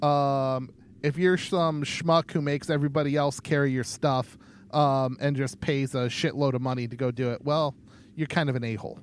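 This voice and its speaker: A man's voice: medium pitch, steady tone, normal speed, slight background noise. A young man co-hosting a podcast in a casual chat, rambling along with lots of ums and easygoing jokes. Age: young adult. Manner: rambling, many ums, laid-back joking. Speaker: podcast co-host.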